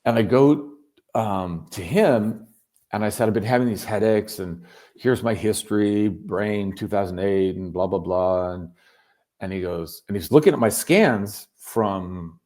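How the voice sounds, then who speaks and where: A man telling his story as a guest in a casual chat, animated and swearing freely. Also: fairly low pitch, a little slow. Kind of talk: casual video call chat. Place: home in Berlin.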